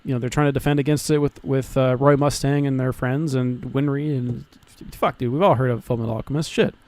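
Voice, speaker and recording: A young man co-hosting a podcast in casual chat, talking excitedly, swearing often and restarting his sentences. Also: medium pitch, fairly quick, no echo. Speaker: podcast co-host.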